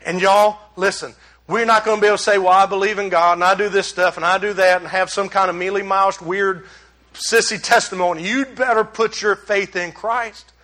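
A man preaching a sermon, addressing the congregation as y'all and swinging between loud exclamations and hushed asides. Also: sits high, fairly even intonation, brisk. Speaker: pastor.

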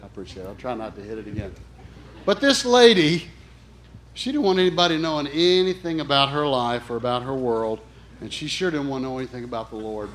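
A man's voice: medium pitch, lively intonation, brisk, slight background noise. A man preaching an emphatic storytelling sermon, speaking earnestly and directly to his congregation. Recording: echoey room.

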